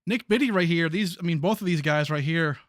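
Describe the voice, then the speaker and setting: A man calling a sim truck race live as play-by-play commentator, chatty and excitable with frequent fillers. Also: on the high side, fairly quick.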